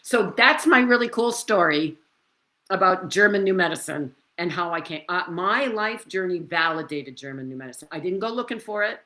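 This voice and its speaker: Woman, interview guest, animated storytelling, bright forceful tone, somewhat low pitch. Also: moderate pace, low-quality recording. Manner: animated, exclamatory, laughs often. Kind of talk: emotional personal storytelling.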